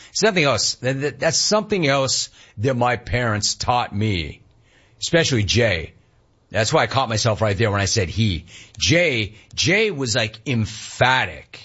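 A man hosting a sports talk show, reading listener messages with animated, joking asides. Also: medium pitch, slightly rough, highs cut off.

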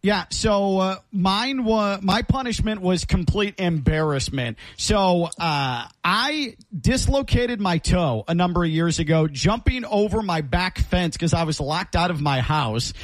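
A middle-aged man co-hosting a casual sports talk show, animated and jokey as he tells stories. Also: sits high, a little slow, few pauses, no room sound. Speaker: co-host.

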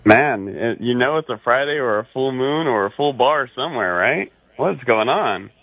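A man's voice: medium pitch, lively intonation, normal speed, no room sound. A man from Orange County calling a radio show, ribbing the host in a chatty way with lots of "you know". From Orange County, California. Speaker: caller. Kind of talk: needling call-in banter. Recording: phone line, dry.

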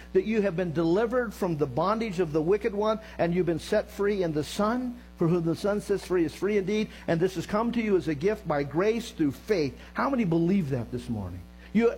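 A middle-aged pastor preaches in a high voice, swinging from loud emphasis down to hushed, heavy tones. He drops joking asides to his congregation between points. A faint electrical hum runs under the church recording. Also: poor audio. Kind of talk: sermon. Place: church sanctuary.

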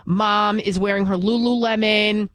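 A woman's voice: medium pitch, steady tone, unhurried, a bit bright, no echo. Blunt, outspoken woman news host. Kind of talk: casual monologue.

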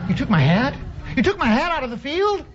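A stammering, evasive husband. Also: male voice, very high voice, sing-song, fairly quick, a bit bright, slight background noise, heavily acted. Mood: alarmed. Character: nervous evasive husband hiding a secret. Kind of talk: audio drama acting. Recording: slightly dull audio drama recording.

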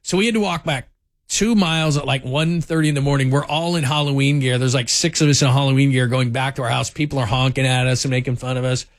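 Sports radio guy rambling through stories, lots of "like", mid pitch, dry studio mic. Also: fairly even intonation, fast, dry recording. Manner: chatty storytelling, lots of "like". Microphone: studio microphone.

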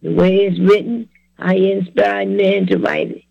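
A man in his seventies preaches his testimony in plain, repeating phrases, urging his listeners on. His voice sits high and grinds with heavy fry, rough and breathy at the edges. The recording is dry and muffled. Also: fairly even intonation, measured pace, dry recording. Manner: repetitive, exhorting, plain-spoken. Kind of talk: earnest testimony sermon.

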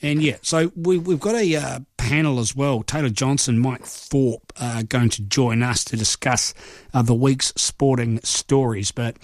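A man's voice: mid-range voice, measured pace, dry recording, studio quality. A middle-aged man from New Zealand hosting a sports radio show, chatty and joking at his own expense, rambling with filler words. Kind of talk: casual live radio chat.

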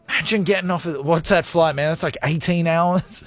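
A man's voice: a little high, steady tone, a little fast, hardly any pauses, faint music behind. A young man hosting a radio show, chatting casually, joking and swearing freely. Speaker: radio host.

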